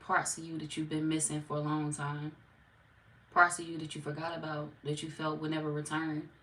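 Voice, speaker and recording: A woman's voice: low-pitched, a bit bright, a little hiss or hum. A woman giving a casual tarot reading straight to her viewers. She talks in a playful, slangy way and laughs often. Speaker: tarot reader. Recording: roomy echo, distant mic.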